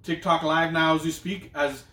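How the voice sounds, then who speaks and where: A man's voice: on the high side, steady tone, moderate pace, pushed and bright, roomy sound, recorded from a distance, low-quality recording. A man co-hosting a casual podcast, talking loosely and swearing as he riffs. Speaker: podcast co-host. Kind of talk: casual chat. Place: room streamed live.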